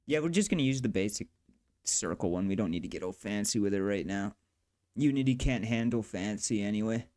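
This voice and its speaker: A man's voice: lowish voice, expressive, a little fast. A man narrating his game development work in a casual devlog, swearing and grumbling in exasperation as he goes. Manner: profane, exasperated grumbling at the software.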